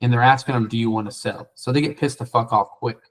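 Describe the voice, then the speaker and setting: A man's voice: medium pitch, fast talker, rough recording. A man coaching a trainee on cold calls, blunt and profane, acting out the lines of callers and sellers. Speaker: sales coach. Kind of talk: coaching feedback after a sales role play.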